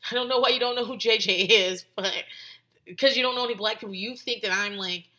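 A woman's voice: on the high side, fast talker, bright, forceful tone. A woman hosting a podcast in casual chat, talking in a loose, rambling way full of "like" and restarts and swearing freely. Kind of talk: casual commentary.

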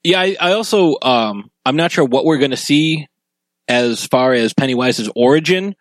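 A man co-hosting a casual podcast chat about a film, relaxed and agreeable, with lots of fillers. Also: mid-range voice, moderate pace, dry recording, poor audio. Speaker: podcast co-host.

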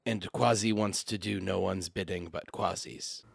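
Man playing a gentle lab-made creature, third-person speech, low and gravelly. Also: steady tone, normal speed, dry recording, clean studio sound, heavily acted. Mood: earnest. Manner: speaks of himself in the third person. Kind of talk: tabletop role-play, in character.

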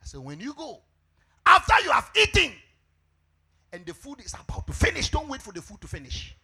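A middle-aged Ghanaian pastor preaching a sermon, telling a story with animated delivery and shouted emphasis. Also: male voice, sits high, quick pace.

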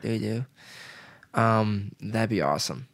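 A man's voice: fairly low pitch, slow, creaky. A man in his twenties chatting casually, rambling with lots of filler words and swearing. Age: 20s. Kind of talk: casual chat.

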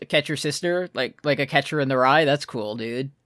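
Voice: medium pitch, moderate pace, a bit bright, no echo, studio quality. A podcast co-host recapping an anime in a casual, sarcastic and profane way, laughing often.

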